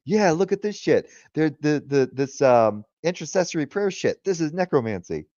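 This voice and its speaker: A man's voice: a little high, very animated, normal speed, darkish tone, no room sound, lo-fi sound. A man hosting a casual livestream, talking loosely, swearing freely and laughing often. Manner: retells arguments in quoted voices. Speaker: livestream host.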